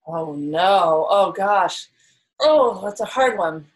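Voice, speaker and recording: A woman's voice: medium pitch, animated, takes it slowly, low-quality recording. A woman chatting casually and answering questions, playful and teasing, rambling with lots of fillers. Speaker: podcast co-host answering questions. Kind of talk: casual chat.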